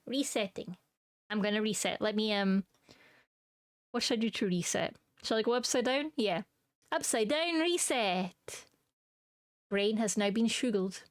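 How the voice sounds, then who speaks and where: A woman with a mid-range voice chats with her live-stream viewers in a silly, giggly, playful way, joking and laughing often. The recording is studio quality with no room sound.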